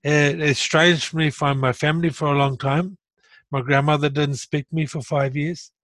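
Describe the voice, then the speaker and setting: Man, middle-aged, blunt, earnest, fairly high voice, casual talk. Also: normal speed, dry recording. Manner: earnest, blunt, animated when retelling. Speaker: guest sharing stroke recovery story. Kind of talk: casual conversation.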